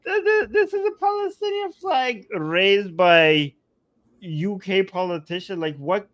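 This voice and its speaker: A man's voice: high-pitched, animated, unhurried, a bit bright, dry recording. A man co-hosting a casual talk show, mocking and giggly, rambling with many fillers. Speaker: co-host. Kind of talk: casual chat.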